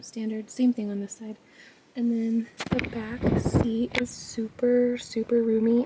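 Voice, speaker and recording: Soft-spoken young woman, half whispering. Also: a little high, recorded from a distance, a little hiss or hum, rough recording. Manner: chatty, filler-heavy, often dropping to a whisper. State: out of breath. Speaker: ASMR vlogger. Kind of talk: soft-spoken ASMR car tour. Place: inside a parked car.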